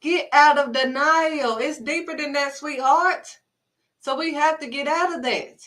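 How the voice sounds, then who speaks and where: A faith vlogger speaks straight to the camera in a preachy talk, her high, fairly bright voice unhurried as she bluntly scolds and repeats herself for emphasis. She sounds somewhat distant from the mic.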